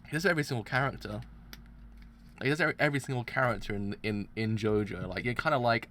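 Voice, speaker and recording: A man streaming live reaction commentary, excitable, groaning and repeating himself as he talks. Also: medium pitch, fast, a little hiss or hum.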